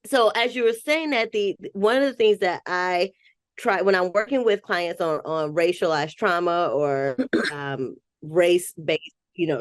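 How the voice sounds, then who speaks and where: A woman's voice: fairly low pitch, no room sound, studio quality. A woman therapist in a podcast conversation, talking in a reflective way and thinking aloud as she goes. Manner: reflective, thinks aloud with restarts and soft laughs.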